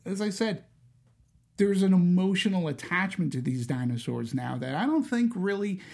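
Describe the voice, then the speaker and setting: A man co-hosting a casual film discussion, talking in an animated way with frequent restarts as he thinks aloud. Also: sits high, normal speed, vocal fry. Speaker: podcast co-host.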